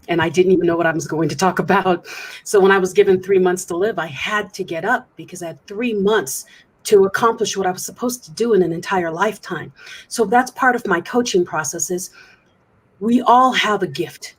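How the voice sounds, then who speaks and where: A woman's voice: lowish voice, brisk, husky, poor audio. A woman, a motivational speaker and coach, telling her personal story earnestly as a remote interview guest.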